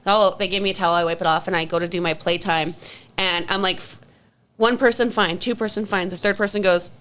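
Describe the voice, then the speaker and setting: Young adult woman, podcast co-host; animated, profane, chatty storyteller. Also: lowish voice, fairly quick, clear, resonant tone. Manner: animated storytelling, swears freely. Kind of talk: casual chat.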